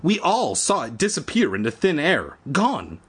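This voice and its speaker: A man reading aloud who voices a panicky young boy, pleading frantically in a husky voice. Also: a little high, huge pitch swings, moderate pace, pitched above the performer's own voice, full character voice. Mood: frantic. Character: panicky young boy facing a giant dog.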